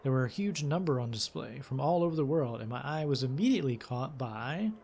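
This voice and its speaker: A man's voice: medium pitch, lively intonation, fairly quick, vocal fry, a little mellow, a little hiss or hum. A man hosting a let's play, reading game text aloud and commenting casually, with fillers and self-corrections.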